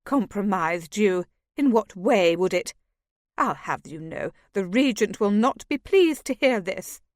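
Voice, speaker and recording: A woman voicing a fretful, shrill noblewoman mother in an audiobook. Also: animated, unhurried, no echo, clean studio sound, close to an everyday voice. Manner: fretful and shrieking. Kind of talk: audiobook character voice.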